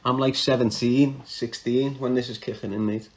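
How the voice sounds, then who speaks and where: A man's voice: mid-range voice, fairly even intonation, moderate pace, a little mellow. A man with a Liverpool accent telling a crime story in casual, slangy talk, laughing often and breaking off mid-sentence. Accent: Liverpool (Scouse). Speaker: podcast storyteller.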